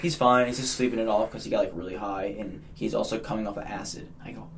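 A man's voice: lowish voice, fairly even intonation, quick pace, a little hiss or hum. A young man on a casual podcast, telling a long story with a lot of animation, quoting people in changing voices and laughing often. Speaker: podcast guest.

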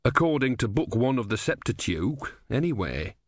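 An honest, timid young novice monk, read by a man. He speaks earnestly, with some hesitation. The voice is lively and the recording dry. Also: medium pitch, moderate pace, no room sound. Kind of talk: audiobook character voice.

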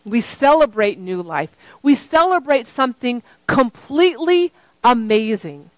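A woman pastor preaching a sermon in slow, repeated phrases, at times singing a refrain. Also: fairly high pitch, animated, dry recording, rough recording.

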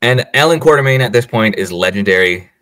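Here the co-host talks briskly in a lowish voice, with no room sound. He's casually recapping a movie on a podcast, animatedly voicing the characters' quotes and laughing a lot.

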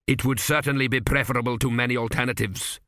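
Man doing a formal, unbending high priest. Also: fairly even intonation, quick pace, pushed and bright, no echo, close to an everyday voice. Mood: stern.

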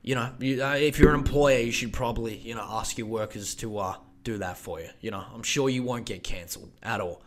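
A man's voice: medium pitch, fairly quick, hardly any pauses. A man hosting a podcast alone, ranting casually with crude, profane, rambling asides. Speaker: podcast host. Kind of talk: casual solo podcast rant.

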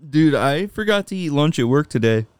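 A man's voice: on the high side, expressive, moderate pace, clean tone, no room sound. A young man co-hosting a podcast, chatting casually in crude, laid-back banter. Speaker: podcast co-host. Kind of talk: casual chat.

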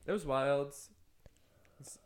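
A man's voice: medium pitch, slow pace, clean tone. A young man co-hosting a podcast, telling a rambling story in casual chat and filling it with "like". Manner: rambling storyteller, heavy use of "like". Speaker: podcast co-host.

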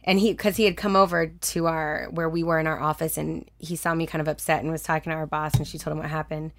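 A lively young woman with a fairly low voice tells a personal story in relaxed conversation. She laughs often and slips into the voices of the people she quotes. The recording is dry and close, with no room sound. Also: quick pace, no room sound. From Texas. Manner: chatty, animated, laughs often, acts out quoted dialogue. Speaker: guest.

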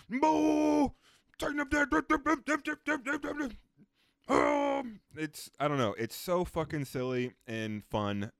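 A man hosting a casual film review podcast, animated and profane, with lots of fillers. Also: mid-range voice, clean tone, dry recording, clean studio sound. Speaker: podcast host.

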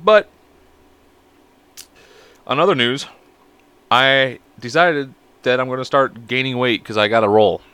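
A man's voice: mid-range voice, measured pace, long pauses, a bit bright, smooth, no echo. Profane, rambling man on a solo podcast. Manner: crude, profane, rambling and self-mocking. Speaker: podcast host. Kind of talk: casual solo podcast chat.

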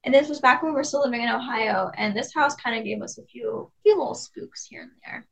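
A woman's voice: fairly high pitch, brisk, gravelly, poor audio. A woman co-hosting a podcast, beginning a story in chatty, casual talk. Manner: chatty, many "like" fillers. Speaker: podcast co-host.

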